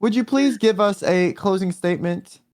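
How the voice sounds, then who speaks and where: A man acts as a laid-back judge in a joking stream courtroom, calling people up with ums and offhand swearing. His voice is high for a man. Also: moderate pace, a little mellow. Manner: casual, hesitant, with crude outbursts. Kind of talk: comedic role-play stream.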